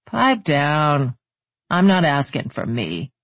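A cocky, leering trailer park manager drawls his taunts with smug ease, as a narrator puts him on. The voice is husky and breathy, set dry and close with no room around it. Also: a little high, sing-song, slow, fairly bright tone, dry recording, heavily acted. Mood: taunting.

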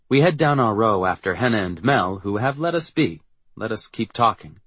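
Low husky guy reading a first-person audiobook, wry and reflective, dry close sound. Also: animated, normal speed, fairly bright tone, no echo. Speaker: audiobook narrator.

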